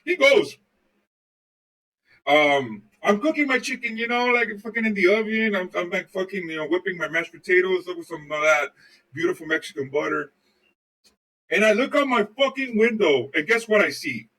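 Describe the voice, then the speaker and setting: Expressive, bright and forceful, this podcast co-host has a high-pitched voice and talks at normal speed. The distant, rough recording catches him chatting casually and telling loose stories laced with swearing.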